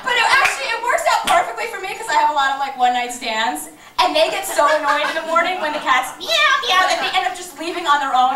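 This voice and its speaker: A woman's voice: sits high, sharp tone. A young woman doing a stand-up comedy set in a small venue, brash, profane and self-mocking, taped on a camcorder from the audience. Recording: echoey room taped from far off.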